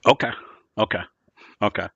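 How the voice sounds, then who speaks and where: A man's voice: normal speed, a bit bright, no room sound, dull audio. A man running a tabletop horror game as game master, describing scenes in a loose, rambling way full of filler words.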